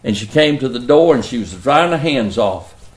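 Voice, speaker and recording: A man's voice: medium pitch, expressive, moderate pace, echoey room. A middle-aged man with a Southern US accent, preaching and telling stories in an earnest, folksy way. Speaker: pastor. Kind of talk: sermon storytelling.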